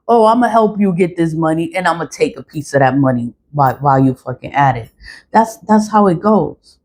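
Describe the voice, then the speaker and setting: A woman's voice: fairly low pitch, a little mellow. A woman ranting to camera in a casual vlog, blunt and frustrated, swearing often and repeating phrases for emphasis. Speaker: vlogger.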